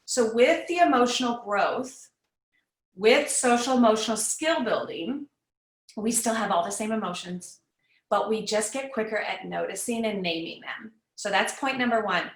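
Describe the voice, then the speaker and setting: A woman's voice: a little high, expressive, normal speed, reverberant, poor audio. A woman speaking as a guest on an online parenting summit, teaching in an encouraging, conversational way over a video call. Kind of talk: live online summit talk.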